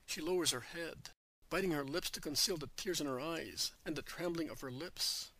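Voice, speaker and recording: Bright-voiced male religious narrator. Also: fairly high pitch, moderate pace, dry recording, low-quality recording.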